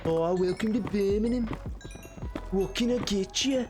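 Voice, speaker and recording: A man's voice: high voice, a little slow. A man voicing a cheerful, chatty local worker, putting on an exaggerated West Midlands English accent with a friendly drawl. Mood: cheery. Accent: West Midlands English, put on. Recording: music playing behind.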